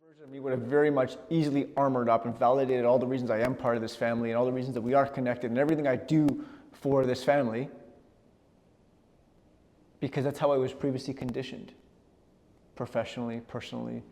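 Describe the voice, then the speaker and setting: A middle-aged man giving a personal storytelling talk, animated, often repeating words as he gathers his thoughts. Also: medium pitch, fast, long pauses. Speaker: speaker. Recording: long hall reverb.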